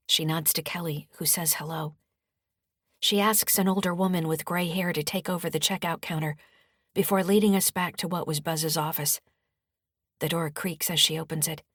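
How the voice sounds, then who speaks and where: A woman author narrating her own audiobook in the first person, with a steady storytelling delivery. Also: low voice, dry recording, clean studio sound.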